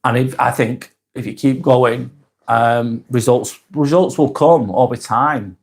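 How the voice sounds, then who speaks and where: A man with a Lancashire accent hosts a casual live stream, reading comments and answering viewers by name. His voice sits at an ordinary middle pitch, and he talks in a plain, direct, conversational way. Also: steady tone, unhurried. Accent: Lancashire, Northwest England. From Northwest England.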